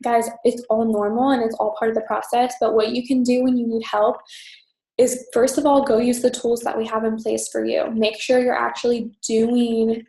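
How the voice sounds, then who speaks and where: Young woman, motivational orientation talk, quick and chatty, slightly high voice, roomy echo. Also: little pitch movement, vocal fry, warm tone. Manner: fast, chatty, upbeat, lots of "um" and "you guys". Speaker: team leader giving orientation. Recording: echoey room.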